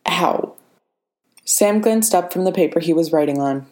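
Low, mellow woman reading a story. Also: fairly even intonation, moderate pace. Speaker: narrator. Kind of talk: audiobook fiction reading.

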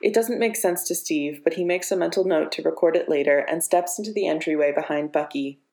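A woman narrating a story in a steady, measured reading voice. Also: low-pitched. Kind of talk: audiobook narration of fiction. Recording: echoey room.

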